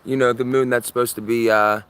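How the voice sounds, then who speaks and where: Excitable man livestreaming from his yard. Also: mid-range voice, a little fast, clear, resonant tone. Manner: excitable, repeats himself, urgent. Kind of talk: live sky-watching commentary.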